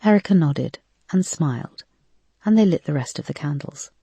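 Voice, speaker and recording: A woman narrating a mystery thriller novel in a steady, measured reading. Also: low voice, slightly rough, no room sound. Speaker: audiobook narrator.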